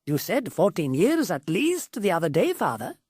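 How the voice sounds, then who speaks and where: A woman's voice: on the low side, wildly swooping pitch, moderate pace, a little mellow, breathy edge, dry recording, clean studio sound, pitched above the performer's own voice, heavily acted. A woman voicing a brash, boastful young male genie in a storybook. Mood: cocky. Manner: brash, boastful, casual slang.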